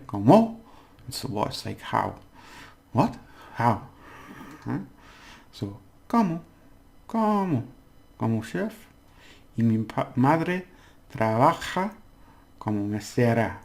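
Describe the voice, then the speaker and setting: Male language tutor, patient and deliberate, gravelly, sounds out each syllable. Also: fairly low pitch. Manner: patient, repeats words slowly syllable by syllable. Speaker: Spanish language teacher. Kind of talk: casual spoken language lesson.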